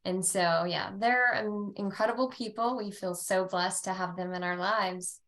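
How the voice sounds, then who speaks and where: A woman's voice: mid-range voice, steady tone, unhurried, a bit bright. A woman hosting a podcast interview, upbeat and enthusiastic, often laughing with her guest. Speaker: podcast host.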